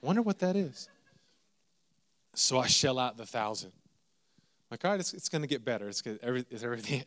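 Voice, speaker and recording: A man, preaching a sermon as a lively, self-mocking story with asides to the congregation. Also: medium pitch, fairly quick, long pauses.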